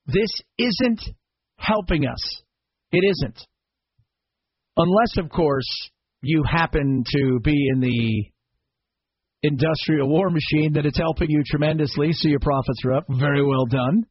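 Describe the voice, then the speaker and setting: Talk radio host, male, American, husky and a bit high-pitched, sarcastic rhetorical rants, dry muffled studio sound. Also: a little slow, long pauses, no room sound. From United States. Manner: sarcastic, exasperated, rhetorical questions. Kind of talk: opinionated talk radio monologue.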